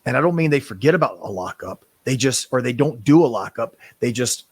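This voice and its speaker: Man, wrestler guest, passionate rambler, mid-pitch, dry close recording. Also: expressive, brisk, husky, dry recording. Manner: impassioned, rambling with restarts and swearing. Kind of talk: casual interview talk.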